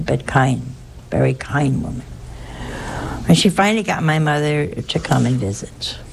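A woman's voice: deep voice, gravelly, slight background noise. An older woman, a nun, telling personal stories in a rambling, anecdotal way with frequent restarts. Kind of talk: personal storytelling.

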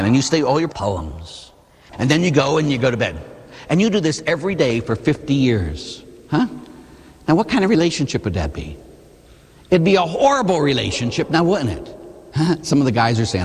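A middle-aged man, a Catholic priest, preaching a sermon in an animated storytelling way, often tossing in rhetorical asides. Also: mid-range voice, fairly quick, husky. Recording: long hall reverb.

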